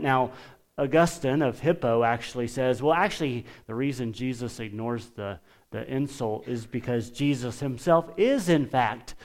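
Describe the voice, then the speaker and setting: A man preaching a sermon, emphatic and deliberate, pausing often and lifting his voice when quoting scripture. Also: medium pitch. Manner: lifts his voice for quoted scripture.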